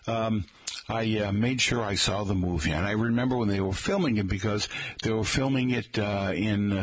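A man's voice: fairly low pitch, fairly bright tone, husky, no room sound. A middle-aged man from the Boston area hosting a rambling, chatty talk monologue and calling his listeners folks.

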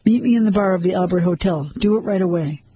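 A man's voice: high voice, quick pace, warm tone, husky, no echo. A man voicing a cruel older blackmailer with a cold West Pennsylvania accent, taunting and menacing on the phone in a storybook reading.

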